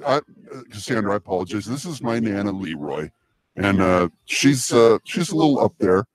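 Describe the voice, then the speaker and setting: A man's voice: on the low side, lively intonation, moderate pace, dry recording, low-quality recording. A man from the United States hosting a comedy talk show, chatting playfully, laughing and stammering often. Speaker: host. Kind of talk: casual comedy podcast chat.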